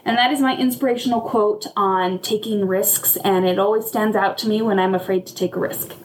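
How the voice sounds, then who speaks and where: A woman sends a pre-recorded message as a podcast guest, speaking earnestly with soft fillers. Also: medium pitch, steady tone, fairly quick, slight background noise, poor audio.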